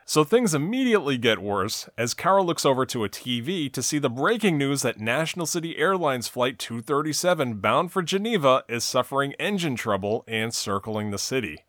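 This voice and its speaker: A man's voice: mid-range voice, sing-song, moderate pace, few pauses, a bit bright, dry recording, clean studio sound. A man co-hosting a casual talk show, recapping a TV episode scene by scene in long run-on sentences. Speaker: podcast co-host recapping a TV episode.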